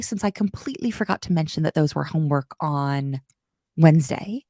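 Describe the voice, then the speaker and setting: A woman's voice: mid-range voice, a little mellow, no room sound, studio quality. Chatty woman teaching code live. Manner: chatty, self-deprecating, apologetic asides; slips into playful quoted voices and whispers. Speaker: coding instructor on a live stream. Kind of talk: live coding lesson.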